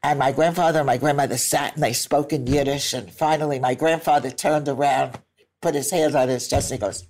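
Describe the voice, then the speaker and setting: An older woman and grandmother telling family stories with a lively, laughing delivery and acted-out quotes. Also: very deep voice, brisk, a little hiss or hum. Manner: lively storyteller who laughs easily and acts out quotes. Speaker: grandmother interviewed by her grandson. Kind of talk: family storytelling.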